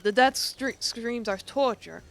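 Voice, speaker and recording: A woman's voice: a little high, unhurried, vocal fry. A woman streaming a game, reading its dialogue aloud and adding casual, swearing asides.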